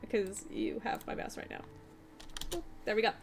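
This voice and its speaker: A woman's voice: mid-range voice, animated, moderate pace, a little hiss or hum. A woman running a tabletop game as game master, narrating in a chatty, hesitant way with many fillers.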